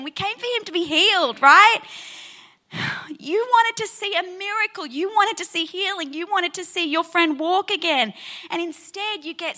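A woman preaching a sermon, retelling a Bible story in an animated way and checking in with listeners with a frequent "right?". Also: very high-pitched, moderate pace.

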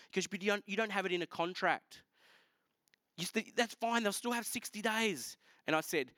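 Male pastor, lively storytelling sermon, high voice, dry sound. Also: fairly quick, no room sound. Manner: animated storytelling, voices others in quotes. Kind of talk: sermon testimony.

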